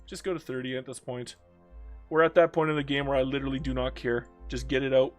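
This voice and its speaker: A man's voice: medium pitch, steady tone, quick pace, faint music behind. A young man commenting on his own strategy game during a long live stream, talking to himself and the game, groaning and joking, worn out after many hours of play.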